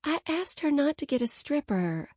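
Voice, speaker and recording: A playful young bride-to-be teases her friend in a raised, sing-song audiobook voice, as a woman narrator puts her on. She is bubbly and pushy, the pitch lifting and dipping a lot. The sound is close and dead dry. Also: sing-song, moderate pace, darkish tone, no echo. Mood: coaxing. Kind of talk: audiobook character voice.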